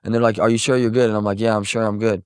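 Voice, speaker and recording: A man's voice: lowish voice, level tone, racing, clean tone, dry recording, clean studio sound. A young man from Missouri, a musician guest, telling a story casually and acting out quotes with lots of swearing.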